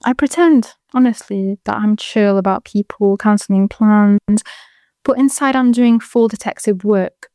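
A woman's voice: medium pitch, unhurried, mellow, dry recording, studio quality. A 22-year-old woman with a British accent, hosting a casual advice show and chatting frankly to listeners with rambling asides. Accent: British English.

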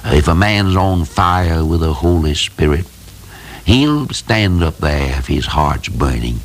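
Gravelly low-voiced male preacher. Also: animated, takes it slowly, a little hiss or hum. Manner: folksy, plain-spoken, emphatic storytelling. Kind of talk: sermon.

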